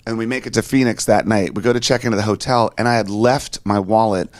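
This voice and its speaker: A man's voice: fairly low pitch, fairly even intonation, quick pace, no room sound. A middle-aged man animatedly telling a road-trip anecdote, swearing freely and acting out other people's lines. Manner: swears freely, acts out quoted voices. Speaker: interview guest.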